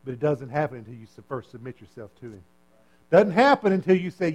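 A man preaching a sermon in a conversational, animated way, repeating phrases, checking in with his listeners and acting out the voices in the story. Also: on the high side, quick pace. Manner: animated, repetitive, acts out voices. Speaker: pastor.

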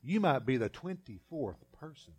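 A man's voice: mid-range voice, big pitch swings, normal speed. A man preaching a sermon as pastor in a folksy, conversational way, repeating phrases and acting out little scenes.

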